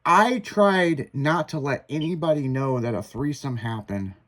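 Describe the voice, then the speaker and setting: A man's voice: mid-range voice, a little slow. A man hosting a radio show, telling crude stories in a casual, profane way. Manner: profane, animated storytelling with laughs. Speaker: radio host. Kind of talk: casual storytelling banter.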